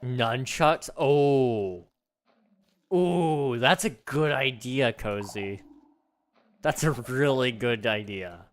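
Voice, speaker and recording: A man's voice: mid-range voice, drawn-out words. A man streaming a game, chatting casually with a rambling, morbid, joking manner and thinking aloud. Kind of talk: casual livestream chat while gaming.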